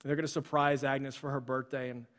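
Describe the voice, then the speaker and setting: Male pastor mid-sermon, casual storyteller with ums and restarts, mid-pitched, recorded in a reverberant church hall. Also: level tone, fairly quick, fairly bright tone. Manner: conversational, with frequent fillers and restarts.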